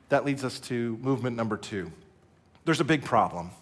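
A man's voice: mid-range voice, brisk. A middle-aged man from the United States preaching a sermon as pastor, earnest, leading the congregation in call-and-response.

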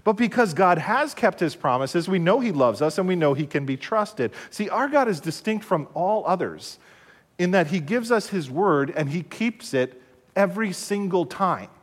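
A man preaching a broadcast sermon in a measured way, repeating key phrases and asking rhetorical questions. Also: high voice, lively intonation, in a large hall. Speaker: pastor.

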